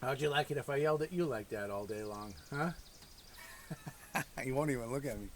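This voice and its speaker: Out in the woods, a homesteader who hosts his own off-grid channel talks at a fairly quick clip in a medium-pitched voice. His easygoing vlog chatter is full of country sayings, with a little background noise behind him.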